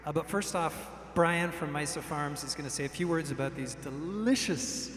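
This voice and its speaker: A man's voice: a little high, moderate pace, a bit bright, slight background noise. A man hosting an event, introducing guests in a loose, friendly way with many fillers. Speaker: event host. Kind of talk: event emcee remarks. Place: large hall, a former church. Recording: roomy hall with long reverb and faint ambience.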